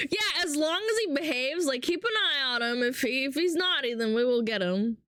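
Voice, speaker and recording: High-voiced playful young streamer woman. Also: lively intonation, a little fast, few pauses, a bit bright, dry recording. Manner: playful, teasing, switches between English and Russian. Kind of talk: casual live-stream chat.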